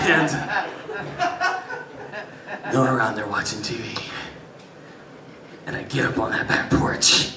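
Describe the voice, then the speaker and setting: Animated male stand-up comic in a roomy club. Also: lowish voice, distant mic, noisy background. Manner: animated, swings between loud bursts and muttered asides. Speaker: stand-up comedian. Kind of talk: stand-up storytelling. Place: live music venue stage. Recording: roomy live club sound from afar. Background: audience laughter.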